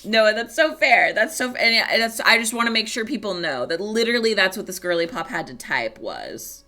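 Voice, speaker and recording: A woman streamer telling a story in casual chat, animated, swearing and laughing often. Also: mid-range voice, moderate pace.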